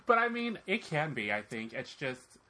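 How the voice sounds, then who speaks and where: A man co-hosting a casual podcast, chiming in with quick sassy remarks. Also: a little high, very animated, pushed and bright. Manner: quick sassy interjections, calls people girl. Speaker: podcast co-host. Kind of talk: casual chat.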